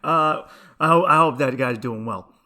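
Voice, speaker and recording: A man's voice: mid-range voice, moderate pace, bright, forceful tone. A young man hosting a podcast, telling rambling stories in a casual, profane comedic monologue and laughing often. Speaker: podcast host.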